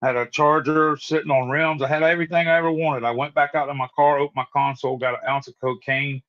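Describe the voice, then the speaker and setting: Calling into a live stream, a guest in his forties tells the story of his recovery with real earnestness, repeating words as he starts sentences over. He talks fast at a fairly high, steady pitch, and the recording sounds muffled.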